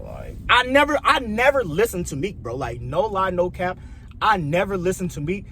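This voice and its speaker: A man's voice: sits high, sing-song, normal speed, sharp tone, a little hiss or hum. A young man from Chicago with a Chicago accent, ranting in a loose, profane, rambling way that repeats itself. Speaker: vlogger. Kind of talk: casual opinion rant.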